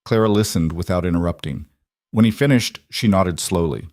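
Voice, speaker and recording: A male narrator reads a scripted family drama in a measured, even voice with a lowish pitch. The recording is dry and close, with no room echo.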